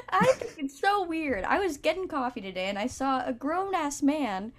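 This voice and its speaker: High-voiced woman joking on a podcast. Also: sing-song, fairly bright tone, a little hiss or hum. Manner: joking, quick to laugh, trails off and restarts. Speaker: podcast co-host. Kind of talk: casual comedy podcast banter.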